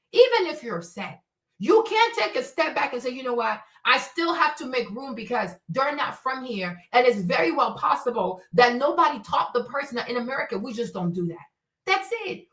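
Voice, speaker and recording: A woman from Africa delivers a fiery commentary rant, firing off one rhetorical question after another and swearing freely. Her voice sits high and sharp. She sounds a little distant from the mic, with a roomy echo around her. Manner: emphatic, profane, rapid rhetorical questions. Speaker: streamer host. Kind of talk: ranting commentary stream.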